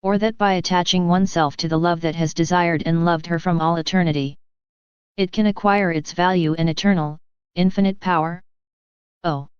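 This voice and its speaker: A woman reading the lines of a gentle, sorrowful divine male speaker in a solemn, tender, unhurried way, with a smooth, clear voice. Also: on the low side, fairly even intonation, dry recording, natural voice. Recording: dull lo-fi dry reading.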